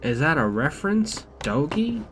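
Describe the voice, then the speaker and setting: A man's voice: on the high side, very animated, normal speed, background noise. Profane, chatty male game streamer. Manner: chatty, profane, reads game notes aloud. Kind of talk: casual live-stream commentary. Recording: streamer over loud game music.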